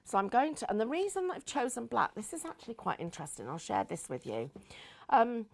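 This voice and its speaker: A woman's voice: a little high, wildly swooping pitch, brisk, creaky, a little mellow. A woman hosting a live craft show, chatting in a rambling, giggly way. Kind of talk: live crafting demonstration chat.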